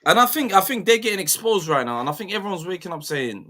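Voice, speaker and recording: A man hosting a casual opinion chat, animated and preachy, full of slang. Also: high voice, quick pace. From Somali heritage, UK.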